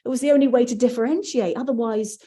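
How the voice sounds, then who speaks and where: A woman's voice: fairly high pitch, fast talker, warm tone. A woman, an audiobook narrator, chatting casually and searching for her words as she goes. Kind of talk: casual chat.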